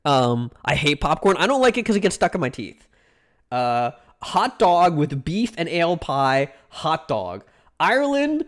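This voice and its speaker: Animated ranting young male streamer. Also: a little high, a little slow. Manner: ranting, mock-outraged, swears freely. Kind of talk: casual stream commentary.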